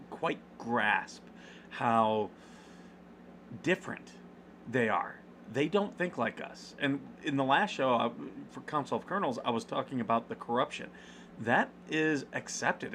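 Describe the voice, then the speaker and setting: A man co-hosting a talk show, explaining his views in a measured, steady way. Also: medium pitch, a little hiss or hum. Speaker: co-host. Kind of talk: podcast talk.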